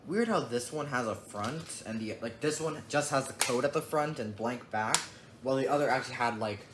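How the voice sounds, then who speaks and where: A man's voice: mid-range voice, a little fast. A young man casually showing off his disc collection, rambling in an offhand way and muttering asides. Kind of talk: casual unboxing vlog. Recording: echoey room with clear background noise.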